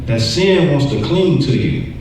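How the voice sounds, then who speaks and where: A man leads a Bible lesson in a loose, conversational manner and restarts phrases as he thinks. His voice sits a little high. He is heard from a distance in a very reverberant room. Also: expressive, a little slow, darkish tone, slight background noise. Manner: conversational, repeats words, acts out voices. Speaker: Bible study teacher. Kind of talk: church lesson, sermon-like. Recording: echoey room, distant mic.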